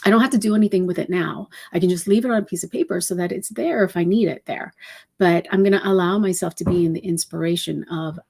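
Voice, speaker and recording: A woman giving a spiritual channeling talk as a numerology reader, speaking in a meandering, reflective and unhurried way with many soft fillers. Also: on the low side, creaky, husky.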